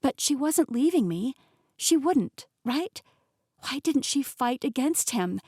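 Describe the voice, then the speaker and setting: A woman narrating a novel in the first person, telling the story in an expressive, emotionally engaged way. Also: high-pitched, slow pace, breathy edge, no room sound, clean studio sound. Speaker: audiobook narrator.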